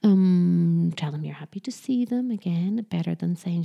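A woman offers parenting tips in a relaxed, talkative way, her medium-pitched voice warm and gravelly, unhurried with few pauses. She frequently revises what she's saying partway through and mimics others in a mock sing-song voice.

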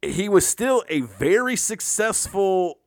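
A man's voice: sits high, very animated, slow pace, dry recording, clean studio sound. A man co-hosting a casual true-crime chat, profane and joking, riffing into silly bits. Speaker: podcast co-host.

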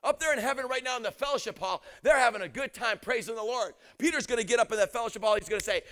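A man preaching an energetic storytelling sermon, often shouting, acting out quotes and laughing. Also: very high-pitched, racing, few pauses.

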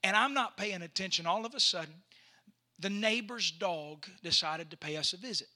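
A pastor with a high, very bright and ringing voice. He tells a story from the pulpit, then drives toward loud, shouted preaching. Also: lively intonation, normal speed. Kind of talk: sermon.

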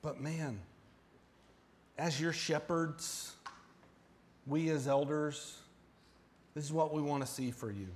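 A man's voice: a little high, fairly even intonation, takes it slowly, long pauses. Emphatic man preaching a sermon. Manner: emphatic, rising to near-shouting at peaks; conversational, with direct questions to the congregation. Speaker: pastor.

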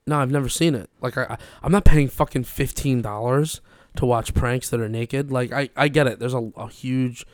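A man's voice: medium pitch, steady tone, moderate pace, no echo, studio quality. A young man chatting casually as a podcast host, rambling and swearing with lots of fillers. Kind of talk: casual chat.

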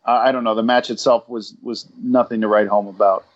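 A man's voice: medium pitch, steady tone, fairly quick, highs cut off. A man co-hosting a wrestling podcast in casual chat, rambling and swearing with self-deprecating humor. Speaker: podcast co-host.

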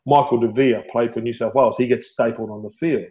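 A middle-aged Australian man, a podcast guest with a mid-range voice, tells stories fairly quickly, rising in pitch and pace when the tale gets good. He laughs often, says "mate," and the audio sounds a little dull and muffled, like a simple podcast setup.

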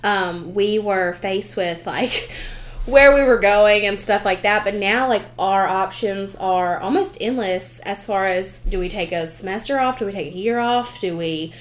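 A young Southern woman in her twenties hosts a podcast, chatting with encouraging, effusive energy. Her pitch sits in a middle range and her delivery stays casual and friendly. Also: unhurried. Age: 20s. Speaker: podcast host. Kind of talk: casual chat.

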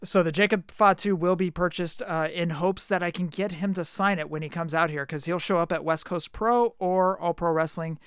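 A man's voice: high voice, steady tone, normal speed, few pauses, fairly bright tone, clean tone, dry recording, studio quality. A man co-hosting a podcast, chatting casually and teasingly about collectible figure news. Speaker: podcast co-host.

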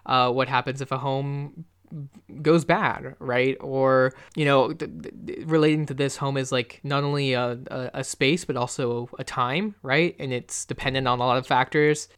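Smooth-voiced young man, halting chat. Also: mid-range voice, steady tone, a bit bright. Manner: hesitant, many fillers and restarts. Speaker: podcast co-host. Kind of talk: casual podcast chat.

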